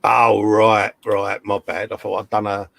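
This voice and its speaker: A man's voice: on the low side, little pitch movement, a little slow, gravelly, a bit bright, no room sound. A man hosting a casual live stream, chatting and reading out viewer comments in a jokey way.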